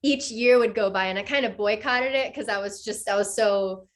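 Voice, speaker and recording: A woman's voice: medium pitch, normal speed, a little hiss or hum. A woman in her thirties, an actress as guest, chatting casually and telling stories with enthusiasm. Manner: enthusiastic storyteller, acts out quotes. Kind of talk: casual interview chat.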